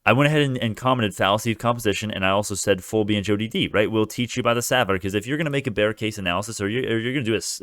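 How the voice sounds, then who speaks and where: A man with a fairly low voice delivers heated reaction commentary as a stock channel host. He rants in an agitated way and swears often. The recording is dry and close, with no room sound. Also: a bit bright, smooth, dry recording.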